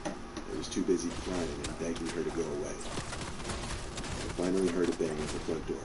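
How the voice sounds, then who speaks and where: A man narrating a scary story in a slow, measured, deadpan way. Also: a bass voice. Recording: steady background noise.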